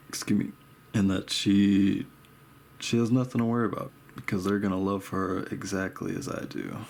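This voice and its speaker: A man's voice: low voice, gravelly. A young man chatting casually while he paints, laid-back and rambling, with a habit of saying dude and bro. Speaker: art vlogger.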